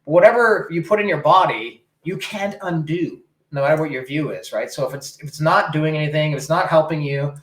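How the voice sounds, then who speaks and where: A man's voice: a little high, fairly quick, few pauses, a bit bright, reverberant, rough recording. A man from Canada co-hosting a casual political podcast, rambling and emphatic, swearing freely. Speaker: podcast co-host.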